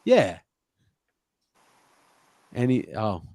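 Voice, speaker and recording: A man from South Florida, a comedian guest telling stories in a loose, profane, deadpan way on a podcast. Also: lowish voice, drawn-out words, no room sound. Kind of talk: casual podcast chat, storytelling.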